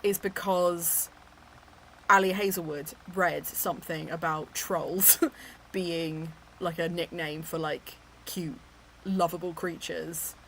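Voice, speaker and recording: A woman from England hosting a book club chat, animated and teasing, laughing often. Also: on the low side, takes it slowly, a little hiss or hum. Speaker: book club podcast host. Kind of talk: casual chat.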